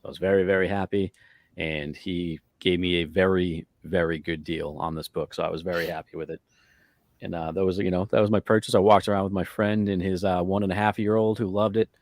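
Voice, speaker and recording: A man co-hosting a casual comic collecting show, chatting in a relaxed, rambling way. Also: low voice, brisk, dry recording. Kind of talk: casual chat.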